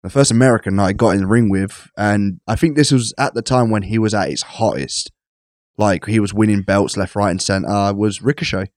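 Animated British man telling wrestling stories. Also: brisk, no room sound, studio quality. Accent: British English. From England. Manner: animated storyteller, acts out quotes in a higher voice. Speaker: guest, pro wrestler. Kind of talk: casual podcast chat.

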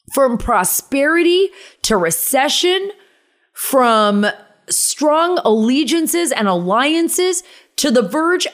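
A woman hosting a podcast, delivering an emphatic, indignant political monologue and repeating phrases for punch. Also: mid-range voice. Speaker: podcast host.

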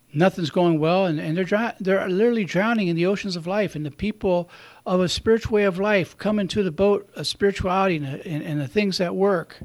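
Man, high voice, conversational sermon, storytelling, chuckles at himself. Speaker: preacher.

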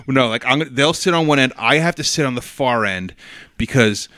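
A middle-aged man telling a story as a podcast guest, casually and with animated bits of acted-out voices. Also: mid-range voice, normal speed, no echo. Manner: animated, acts out voices in his anecdote.

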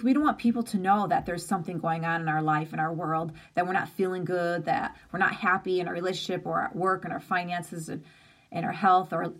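Brief: woman in her forties, mid-pitched voice, sincere conversational live-stream host. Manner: earnest, open and conversational, with emphatic lists. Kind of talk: casual heartfelt live-stream talk.

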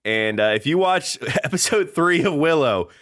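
Young male podcast co-host, mid pitch, lively delivery, laughs often. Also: normal speed. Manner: animated, laughing, exclaims in bursts. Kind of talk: casual chat.

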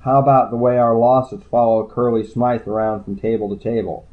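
A man voicing a blustering male casino boss who talks in a husky, oversized whisper. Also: medium pitch, level tone, a little fast, phone-quality sound, lightly acted. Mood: demanding. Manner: blustering, yelling.

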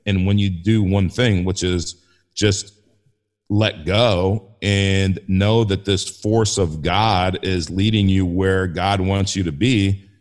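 A man's voice: low voice, steady tone, takes it slowly. A man talking as a guest in a casual faith conversation, enthusiastic and rambling with frequent restarts. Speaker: podcast guest.

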